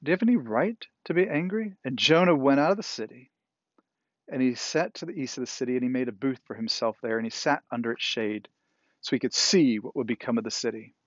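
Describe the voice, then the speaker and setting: A man's voice: medium pitch, a little fast, no room sound, lo-fi sound. A man preaching a sermon in a conversational way, often checking in with "right?" as he retells a story. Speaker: pastor. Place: indoors, cool enough for a jacket.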